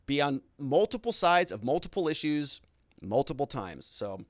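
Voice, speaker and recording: A man's voice: on the high side, sing-song, moderate pace, no room sound. Chatty male live-stream host, dry close sound. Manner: chatty, reads viewer comments aloud and answers them, frequent restarts. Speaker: host of a live-stream show reading viewer comments. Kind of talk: casual live-stream commentary.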